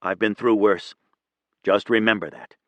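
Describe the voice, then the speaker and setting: A man voicing a calm female captain. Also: fairly low pitch, normal speed, no echo, lightly acted. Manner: quiet, kind and firm. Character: calm, steady female airline captain, ex-military.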